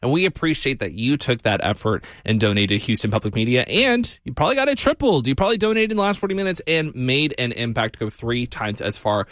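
A man's voice: mid-range voice, sing-song, fast, hardly any pauses, fairly bright tone, no echo, clean studio sound. Upbeat man hosting a radio pledge drive. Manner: upbeat, repeats key points. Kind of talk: fundraising appeal. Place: radio studio. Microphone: studio mic.

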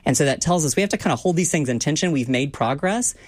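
A quick, lively guest voice with a bouncing pitch, speaking as a community organizer in an upbeat, affirming tone. The sound is dry and close, with no room around it. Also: no room sound. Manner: upbeat, animated, affirming with frequent "right?". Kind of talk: talk-show discussion.

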